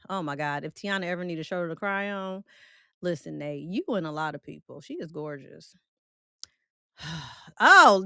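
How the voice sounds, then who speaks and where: Bright-voiced, joking woman live-streamer. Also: medium pitch, clear, resonant tone, no room sound, clean studio sound. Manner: animated, blunt and joking, with frequent laughter; loose, colloquial Southern-tinged phrasing. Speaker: host of a film and celebrity live stream. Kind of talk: casual live-stream chat, reading viewer comments.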